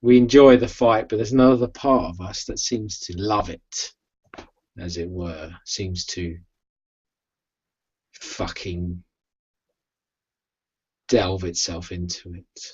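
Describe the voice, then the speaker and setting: Man voicing a low, gruff vampire brawler for an online tabletop game, lo-fi call audio. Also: fairly even intonation, takes it slowly, long pauses, a little mellow, full character voice. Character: brawling male vampire, proud and blunt. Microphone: video call.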